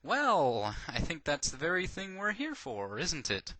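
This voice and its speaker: A man voicing a meek, sarcastic young woman in a read-aloud story, speaking slowly in a raised voice. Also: a little high, huge pitch swings, pushed and bright, no room sound, pitched above the performer's own voice, heavily acted.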